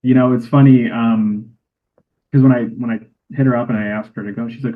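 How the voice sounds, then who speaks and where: A man's voice: medium pitch, flat delivery, brisk. A man, a cinematographer guest, telling a heartfelt story in a casual interview. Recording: tinny phone-like line.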